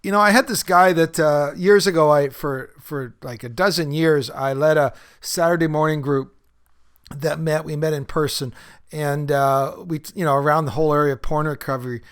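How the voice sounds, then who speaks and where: A man's voice: on the high side, steady tone, moderate pace, a bit bright, clear, resonant tone. A man hosting a podcast, talking casually with many fillers and laughing at his own stories as he leads a recovery-group talk.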